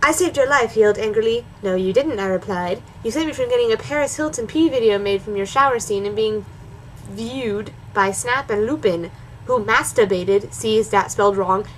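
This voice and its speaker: A woman's voice: mid-range voice, normal speed, a little hiss or hum, poor audio. A woman doing a comedic dramatic reading of a bad story, breaking off for sarcastic asides. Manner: sarcastic, mocking, switches between reading and snarky asides. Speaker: reaction video host.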